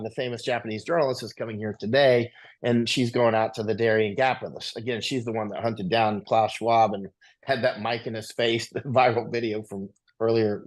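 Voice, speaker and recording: A man in the guest seat of an interview, rambling from one anecdote to the next with a conversational, mid-range voice. He often adds a quick "right?" as he goes. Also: medium pitch. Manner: rambling anecdotal, tag questions.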